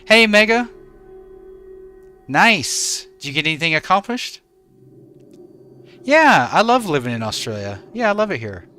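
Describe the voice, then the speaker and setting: A man's voice: on the high side, big pitch swings, a little slow, pauses often, pushed and bright, soft background music. A man streaming a game from home in regional Australia, easygoing as he greets and thanks viewers by name. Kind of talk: live stream chat with viewers.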